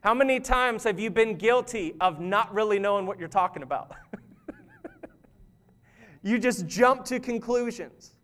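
A man's voice: high-pitched, a little slow, pauses often, a bit bright. A man, a pastor, preaching a conversational sermon in a church, joking at his own expense and laughing easily. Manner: conversational, self-deprecating, laughs often.

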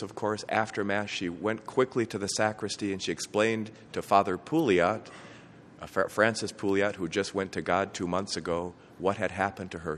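Deep-voiced man preaching in a church. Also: fairly bright tone. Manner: storytelling, earnest, with small restarts. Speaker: bishop preaching a homily. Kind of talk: sermon. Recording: long reverb from a church, faint noise.

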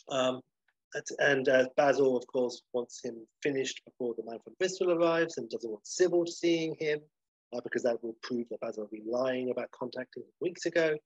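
A man's voice: mid-range voice, husky, dry recording, dull audio. A man casually recapping a sitcom episode, rambling with fillers.

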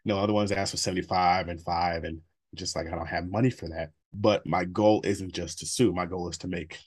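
A husky, low-voiced man in his thirties answers a candid interview at a rapid clip, his intonation fairly even and his voice rough-edged. He speaks bluntly, curses plenty, and laughs between anecdotes.

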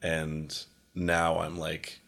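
Brief: young guy, low voice, loose rambling podcast chat, acts out little conversations. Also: monotone, very slow, vocal fry, fairly bright tone. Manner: rambling, heavy use of "like", acts out quoted exchanges. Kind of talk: casual chat.

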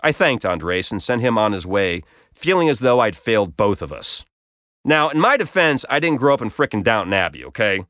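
A man's voice: on the low side, sing-song, normal speed, fairly bright tone, no echo, studio quality. A man telling a personal story in a wry, self-deprecating, conversational way. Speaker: blog storyteller.

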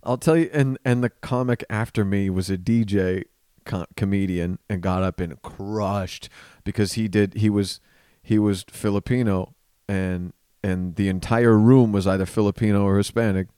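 A man, a comedian guest on a podcast, telling stories in casual chat with lively swearing. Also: lowish voice, moderate pace, clean tone, no echo, clean studio sound. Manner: animated storyteller, swears freely.

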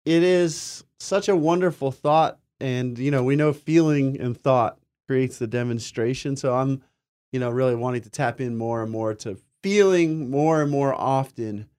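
A man's voice: mid-range voice, moderate pace, darkish tone, clean tone. A man co-hosting a spiritual talk show, telling earnest, rambling personal stories in casual chat.

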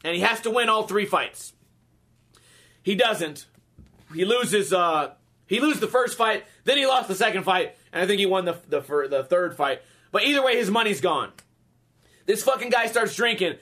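A man's voice: high-pitched, animated, normal speed, pushed and bright. A man in his thirties telling a comic story in a profane, exasperated rant.

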